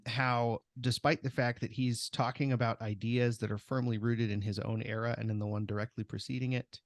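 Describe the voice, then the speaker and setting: A man's voice: mid-range voice, no echo, clean studio sound. A man hosting a podcast, chatting casually with his co-hosts in a playful, self-deprecating way. He studied English. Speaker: podcast host.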